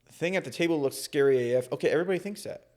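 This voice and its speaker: Man, co-host, casual chat, dry jokes, quick asides. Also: a little high, darkish tone. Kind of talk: casual chat reacting to online posts.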